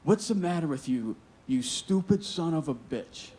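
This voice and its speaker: Tough, gruff foreman, blunt talker, put on by the male storyteller. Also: fairly high pitch, big pitch swings, unhurried, a little mellow, pitched above the performer's own voice. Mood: angry. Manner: swearing, blunt.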